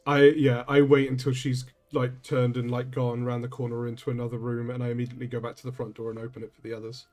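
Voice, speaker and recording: A man's voice: medium pitch, flat delivery, quick pace, a little mellow, faint music behind. A man playing a tabletop role-playing game, polite and hesitant, with many fillers. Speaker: player. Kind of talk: tabletop role-play in character.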